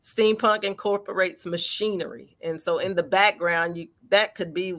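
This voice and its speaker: A woman, a featured artist, answering interview questions in a lively, encouraging way with everyday examples. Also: fairly low pitch, moderate pace.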